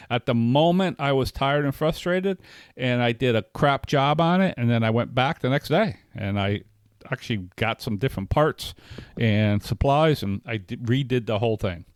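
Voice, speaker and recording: A man's voice: medium pitch, lively intonation, normal speed, dry recording. Candid middle-aged man telling a story. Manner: candid storyteller, frequent fillers and restarts. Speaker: podcast co-host. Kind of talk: casual conversation.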